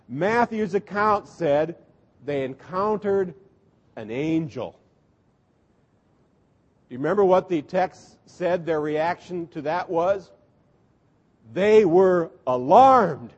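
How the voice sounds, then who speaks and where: A man's voice: high-pitched, big-room sound, lo-fi sound. A man, a Lutheran pastor, preaching a sermon in a storytelling way, acting out the people in the story with humor. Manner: storytelling, animated, acts out voices with humor.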